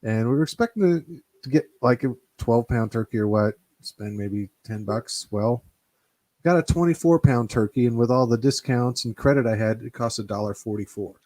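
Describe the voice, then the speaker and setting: A man's voice: mid-range voice, moderate pace, a little mellow, no echo. Casual man hosting a chat show. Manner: joking, does cartoon impressions. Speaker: show host.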